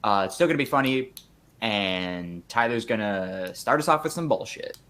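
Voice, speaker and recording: A man's voice: on the low side, expressive, normal speed, fairly bright tone. Laid-back young man hosting a podcast. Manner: laid-back, explains the show's format. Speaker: podcast host. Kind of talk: casual chat.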